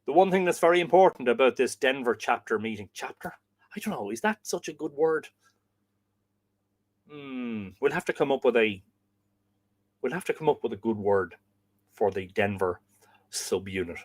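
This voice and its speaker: Irish man, livestream host, reads comments aloud, lively pitch, dry room sound. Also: moderate pace, pauses often, dry recording. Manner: chatty, reads out comments and answers them warmly. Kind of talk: casual livestream chat reading viewer comments.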